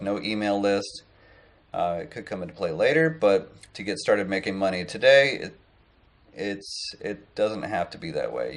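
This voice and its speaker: Late-30s guy vlogging, kinda low voice, rambles with lots of uhs. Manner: rambling, lots of fillers and restarts. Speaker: online business vlogger. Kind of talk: casual talk to camera.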